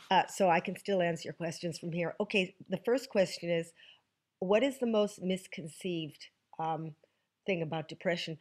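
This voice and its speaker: Wry, joking woman with a lowish voice. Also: normal speed. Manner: wry, joking, emphatic asides. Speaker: host answering viewer questions. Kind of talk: casual to-camera talk. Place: outdoors in the countryside.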